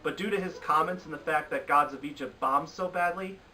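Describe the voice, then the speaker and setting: A man rants through a countdown of bad films with exasperated disbelief. His voice is bright and cutting and sits a little high. He sounds a bit away from the mic. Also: a little fast, far from the mic, slight background noise, low-quality recording. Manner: exasperated, ranting critique. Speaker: film reviewer. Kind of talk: opinionated film review countdown.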